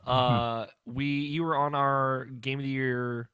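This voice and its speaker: A man's voice: mid-range voice, little pitch movement, takes it slowly, bright, forceful tone, clear, resonant tone, no room sound, clean studio sound. A young man hosting a podcast in casual, rambling chat, laughing often. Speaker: podcast host.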